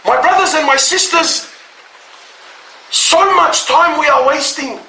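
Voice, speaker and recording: A man preaches with fervour in a very high, piercingly bright voice. He pleads and fires rhetorical questions at his listeners, dropping slangy asides. He is heard from a distance in an echoey hall. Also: measured pace, vocal fry. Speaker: Islamic preacher. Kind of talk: impassioned sermon to a live audience. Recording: echoey hall, voice from far off, faint noise.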